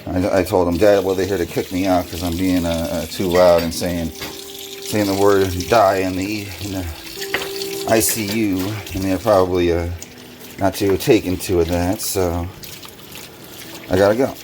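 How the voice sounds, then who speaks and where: A somewhat low-voiced man vents his frustration while he washes dishes at a kitchen sink. His casual vlog talk turns loud and heated when he recounts arguments. Running water and clattering dishes fill the noisy background. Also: fairly even intonation, moderate pace. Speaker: vlogger. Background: running water and dish washing.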